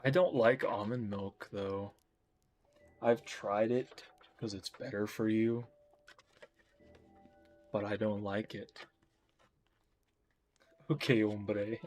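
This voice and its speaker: A man's voice: lowish voice, steady tone, slow, pauses often, darkish tone, soft background music. Rambling jokey male streamer. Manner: rambling, jokey, self-mocking. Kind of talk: casual chat while drawing on stream.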